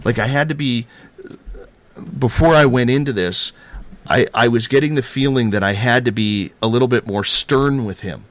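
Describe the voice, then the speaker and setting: A man's voice: mid-range voice, moderate pace, no room sound. A man telling a personal paranormal story in a rambling, earnest way, repeating himself and using casual slang.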